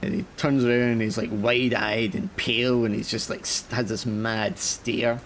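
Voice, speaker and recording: A man's voice: mid-range voice, fairly even intonation, moderate pace, slight background noise. A man narrating a tabletop horror game as game master, casual and full of fillers.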